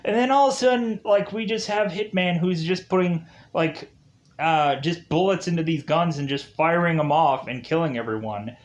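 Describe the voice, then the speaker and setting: A man's voice: a little high, moderate pace. A man reviewing a video game, recapping its story in a rambling, casual way full of "like" fillers. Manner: rambling, heavy use of "like" fillers.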